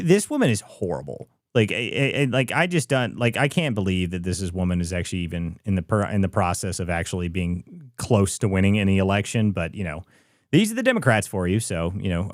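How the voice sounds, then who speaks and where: A man's voice: low voice, no room sound, clean studio sound. A man hosting a casual political chat show, talking in an indignant, sarcastic way and often repeating himself. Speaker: host.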